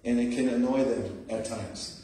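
A middle-aged male preacher giving an animated, laughing sermon in a church, often calling out "Amen?" to the congregation. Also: medium pitch, normal speed, a little hiss or hum. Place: church sanctuary. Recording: very echoey room, voice picked up from a distance.

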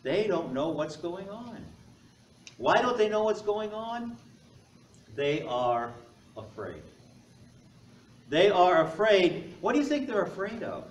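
Brief Male pastor, higher-pitched voice, chatty sermon, echoey church, mic at a distance. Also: a little hiss or hum. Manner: conversational, joking asides to the congregation. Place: church sanctuary. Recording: echoey church heard from afar.

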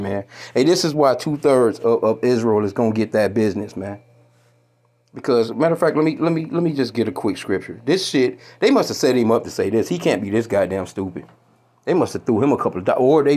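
A man's voice: mid-range voice, darkish tone. A man delivering a heated, profane commentary rant, stumbling over repeated words and stopping to read scripture. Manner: profane, heated, repetitive restarts, quotes scripture. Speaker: commentary vlogger. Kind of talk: ranting commentary video.

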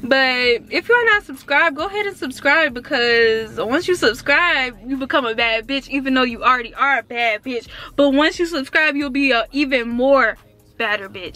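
A bubbly teenage woman giving a casual vlog tour from inside her car. Her voice sits a little high, and she gushes and rambles with constant fillers. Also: moderate pace. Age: around 19. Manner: excitable and chatty, full of fillers like "like" and "um". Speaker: vlogger.

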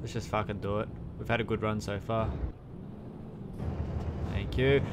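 Young male let's-player, relaxed unhurried commentary, salty language, steady game engine noise behind. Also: on the low side. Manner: chatty, swears often, talks to himself while driving. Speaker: let's play gamer. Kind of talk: casual gameplay commentary.

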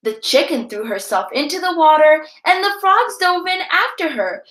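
Brief: high-voiced woman teacher, expressive read-aloud, echoey room. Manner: expressive storytelling, guiding pauses.

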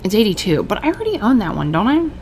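A woman hosting a let's-play, musing aloud to herself as she weighs choices. Her voice is gravelly, with faint noise in the recording. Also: medium pitch, wildly swooping pitch, quick pace, a little mellow. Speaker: gaming host.

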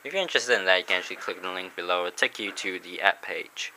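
A man's voice: low voice, quick pace, pushed and bright, slight background noise, poor audio. A man casually reviewing a comic book, rambling, chuckling and reading panels aloud.

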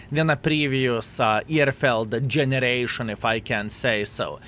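A young adult man talks through a match as he plays, his pitch sitting in the middle range for a man. He jokes with his viewers and calls them "fellas" in a relaxed, chatty way. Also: a little hiss or hum. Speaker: gaming commentator. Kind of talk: casual gameplay commentary.

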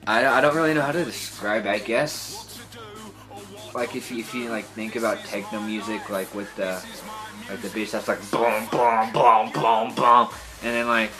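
A man's voice: on the low side, pushed and bright. Rambling young male vlogger, music behind. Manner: rambling, hesitant, lots of fillers and restarts. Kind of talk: rambling casual vlog to camera.

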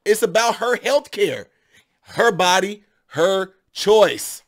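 Male host, higher voice than most men, sarcastic emphatic commentary, keeps hammering rhetorical questions. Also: expressive, slow pace.

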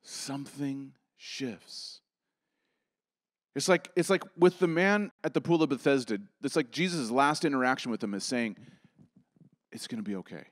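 A man preaching a sermon, rising to strong emphasis and then dropping to soft, near-whispered reassurance. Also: medium pitch, normal speed, no echo, clean studio sound. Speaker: pastor. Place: church.

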